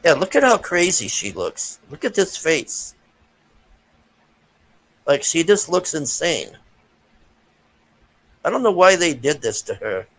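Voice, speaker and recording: A man's voice: on the high side, very animated, takes it slowly, long pauses, low-quality recording. A man giving a casual, profane, frustrated rant as a movie reviewer, with many restarts.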